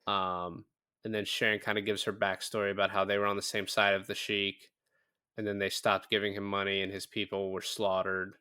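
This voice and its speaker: Low-voiced man recapping a movie. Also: a little fast, smooth, no room sound, clean studio sound. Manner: animated retelling with quoted lines and swearing. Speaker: podcast co-host. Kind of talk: casual movie recap chat.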